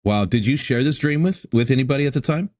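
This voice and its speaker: A podcast host who asks curious follow-up questions in a casual interview. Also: male voice, medium pitch, animated, fast talker, a little mellow, dry recording, clean studio sound.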